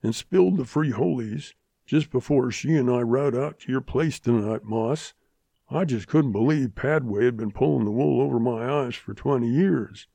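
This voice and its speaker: A man voicing a stout, gruff rancher who mutters in folksy western talk in an audiobook. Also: medium pitch, moderate pace, dark tone, dry recording. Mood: disbelieving.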